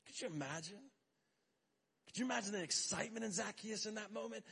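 A man's voice: sits high, fast talker, vocal fry, pauses often, a bit bright, breathy edge. A middle-aged man preaching a sermon as pastor in a casual, conversational way, with joking asides and brief acted-out quotes.

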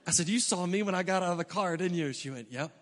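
A man's voice: high voice, fast talker. A man preaching a sermon, telling a travel story with humor and acting out his own reactions. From United States. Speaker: pastor. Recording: long reverb of a large hall.

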